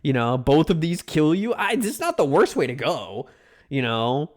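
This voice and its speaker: Young male streamer, casual live commentary, animated and ranting, pitch sits a bit high. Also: moderate pace. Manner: ranting, mock-outraged, swears freely.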